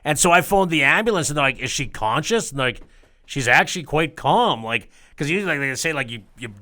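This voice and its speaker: A man's voice: fairly high pitch, expressive, a little fast, pushed and bright. A man working as a strip club DJ, telling rambling, profane stories in casual chat.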